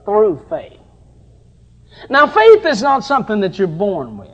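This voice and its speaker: A middle-aged man preaching a sermon with passion, dropping at times to soft, tender passages. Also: high voice, huge pitch swings, normal speed, poor audio.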